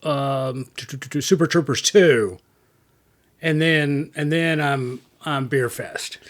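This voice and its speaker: A man who co-hosts a relaxed film chat. His voice sits a little high for a man. He jokes, laughs often and lets sentences trail off. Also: slow pace. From US Southeast. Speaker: podcast co-host. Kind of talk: casual movie-review chat.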